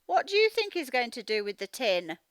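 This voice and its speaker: A woman teaching phonics to young children, reading a picture book aloud and slowly sounding out each word. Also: a little high, clean tone, no room sound. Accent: Australian. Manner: slow, sounding out words, expressive storybook reading.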